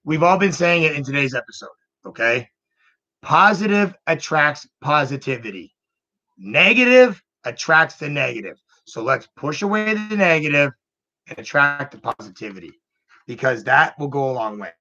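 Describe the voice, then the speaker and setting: A man's voice: fairly high pitch, sing-song, moderate pace, bright, forceful tone, lo-fi sound. A man hosting his own show, chatting casually in an upbeat, rambling way and often repeating his words. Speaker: show host. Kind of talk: casual chat.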